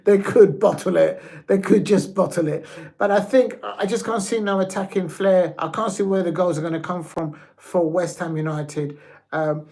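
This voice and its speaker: A man hosting a live football watch-along, rambling excitably and stumbling over his words as he gives predictions. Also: on the high side. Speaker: football fan channel host.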